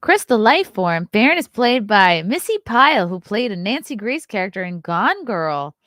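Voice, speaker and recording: A woman's voice: medium pitch, sing-song, moderate pace, a bit bright, dry recording, studio quality. Chatty woman hosting a stream. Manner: chatty, riffing, laughs often. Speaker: host. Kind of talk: casual live-stream chat.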